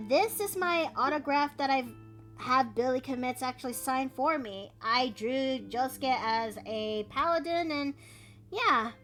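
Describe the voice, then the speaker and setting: High-voiced chatty woman streamer. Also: a bit bright. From Canada. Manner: chatty, thinks aloud, with gasps and playful asides. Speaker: streamer and artist. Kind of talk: casual chat while drawing live.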